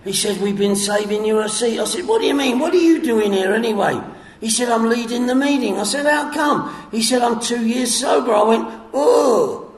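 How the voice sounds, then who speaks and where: A man telling his story at a recovery meeting, acting out the dialogue with coarse humor and sudden shouts. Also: very high voice, fairly quick. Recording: echoey hall with long reverb.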